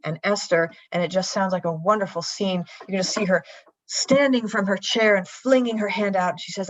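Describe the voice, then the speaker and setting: A woman preaching in a church and retelling a story in a lively, conversational way, on a dull lo-fi livestream. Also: medium pitch, brisk, no room sound. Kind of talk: sermon storytelling.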